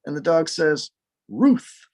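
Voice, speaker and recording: A man's voice: high-pitched, lively intonation, brisk. Man rambling through bar jokes. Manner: rambling, laughs at own jokes. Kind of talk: casual joke-telling.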